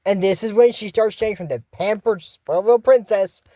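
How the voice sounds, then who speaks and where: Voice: mid-range voice, fairly quick, mellow, dry recording. A YouTuber casually recapping a cartoon episode, rambling with many fillers and acting out the characters' lines.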